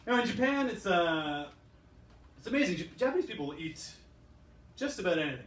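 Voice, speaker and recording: A man's voice: sits high, brisk, slight background noise. Canadian man doing stand-up in a roomy club. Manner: animated, acts out characters in put-on voices. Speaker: stand-up comedian. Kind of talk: stand-up set. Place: club stage with a laughing crowd. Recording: roomy, distant crowd recording.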